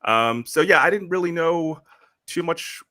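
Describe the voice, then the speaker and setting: A man co-hosting a podcast, going over headlines in a measured way with frequent ums. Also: on the high side, lively intonation, pushed and bright, no echo, clean studio sound. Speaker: podcast co-host reading headlines. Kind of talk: casual news chat.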